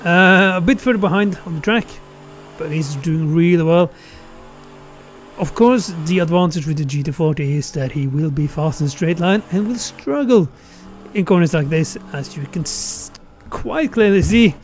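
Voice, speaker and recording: A man gives casual live commentary on a sim racing qualifying session, thinking aloud and correcting himself along the way. His voice sits a little high and moves at a moderate pace, with faint music behind him.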